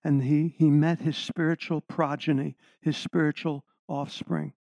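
A man's voice: a little high, level tone, measured pace, gravelly, a little mellow, no room sound. A middle-aged man preaching a sermon, stressing key words and putting questions to the congregation. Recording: slightly dull lo-fi sound.

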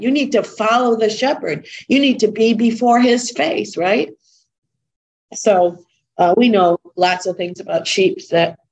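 A woman preaches in an unhurried, measured way. Her delivery is earnest and conversational, and she often repeats her points for emphasis. Her voice sits at a middle pitch for a woman. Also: darkish tone, highs cut off. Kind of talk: sermon.

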